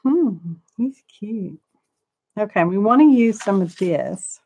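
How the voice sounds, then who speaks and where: Warm and animated yet slow, this woman's mid-range voice is recorded with no room sound. She hosts a crafting channel, talking in a homey, rambling way to her viewers and herself during a live craft demo.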